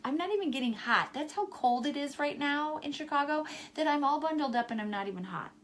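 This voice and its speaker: A woman on a live stream from home, talking to viewers in a warm, encouraging way and repeating her key phrases. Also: high-pitched, animated, a little fast. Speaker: wellness vlogger selling essential oils. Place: home in Chicago, indoors.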